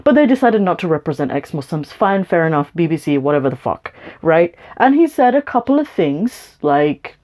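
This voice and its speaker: A woman rants straight into her camera, swearing hard and dripping with sarcasm. Her voice is mellow and dark in tone, and she talks to the camera as if the person she is angry with were sitting in front of her. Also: sits low, big pitch swings, normal speed, hardly any pauses. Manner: profane, sarcastic and confrontational. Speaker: YouTuber.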